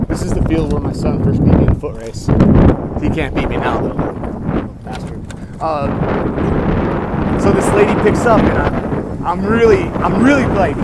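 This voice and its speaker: A man tells a loose, cursing story straight into his phone while out riding a bike. His voice sits slightly high, and he keeps circling back over his own sentences. Street and vehicle noise runs clearly underneath. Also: expressive, brisk. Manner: rambling, profane, self-talk with restarts. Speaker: vlogger. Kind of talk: casual storytelling vlog. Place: outdoors in a city on a bike ride. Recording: outdoor city noise behind.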